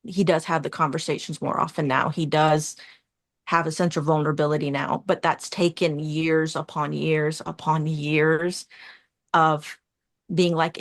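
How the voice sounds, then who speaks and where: Low-voiced earnest woman in her forties. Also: little pitch movement, measured pace, no room sound, clean studio sound. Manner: earnest, rambling, with soft laughs. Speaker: community guest. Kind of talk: casual heartfelt conversation.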